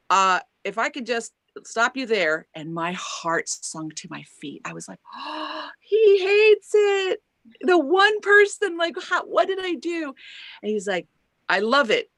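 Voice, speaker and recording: A woman singer telling an animated story as an interview guest, acting out quoted voices and tagging lines with "right?". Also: mid-range voice, no room sound. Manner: lively storyteller who acts out quoted voices and laughs often; chatty, many "like" and "right?" tags.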